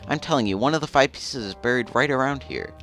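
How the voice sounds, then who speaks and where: A man voicing a gruff, scheming male mole creature in a video game, with a Southern drawl. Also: mid-range voice, fast, fairly bright tone, faint music behind, pitched above the performer's own voice, lightly acted.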